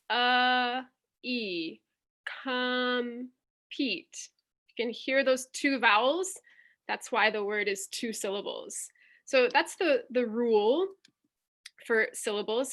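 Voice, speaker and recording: Fairly high and a bit bright, this woman's voice comes through a computer mic on a video call. She's a teacher presenting a workshop as an online teaching demonstration, patiently explaining and sounding out vowels step by step.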